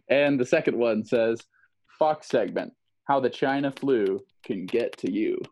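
A man co-hosts a casual podcast from a video call and runs a little headline-guessing game. His voice sits at an ordinary middle pitch, and his tone is easygoing. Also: slow pace, a little mellow, poor audio. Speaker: podcast co-host.

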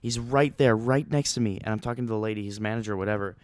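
A young man telling a rambling, excitable story in a casual vlog, with many fillers and restarts. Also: on the low side, fast, no echo, studio quality.

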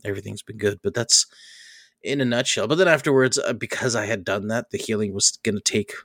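Animated storytelling man, dry sound. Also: on the low side, brisk, no room sound. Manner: animated storyteller, acts out quoted voices with laughter. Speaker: podcast host. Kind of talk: casual storytelling chat.

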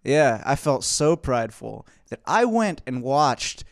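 A man's voice: medium pitch, very animated, measured pace, gravelly. A young man co-hosting a podcast, talking casually in a crude, offhand way with hesitant fillers. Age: young adult. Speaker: podcast co-host. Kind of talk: casual chat.

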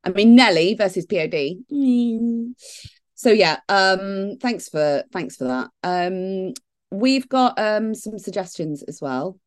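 Animated, giggly podcast woman. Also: mid-range voice, measured pace. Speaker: podcast co-host. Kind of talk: casual chat.

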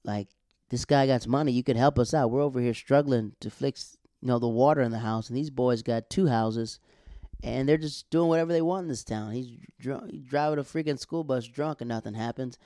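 A man's voice: medium pitch, a little fast, dry recording, clean studio sound. Chatty man recapping a TV episode. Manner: animated, chatty, colloquial, laughs often. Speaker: TV show recap vlogger.

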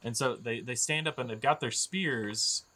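A man's voice: medium pitch, moderate pace, bright, forceful tone. A man narrating as game master of a tabletop game, rambling and joking with lots of fillers.

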